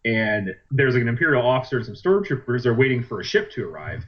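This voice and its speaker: A man's voice: mid-range voice, very animated, quick pace. A man co-hosting a podcast in casual chat, rambling through a plot retelling with lots of fillers. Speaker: podcast co-host. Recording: dull lo-fi podcast recording.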